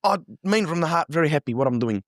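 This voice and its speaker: A young man in his twenties speaks with earnest, heartfelt sincerity as an interview guest. His voice sits on the higher side for a man. The recording is dry and close, with no room sound. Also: expressive, quick pace, no room sound. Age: 20s. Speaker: real estate agent guest. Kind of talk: casual interview chat.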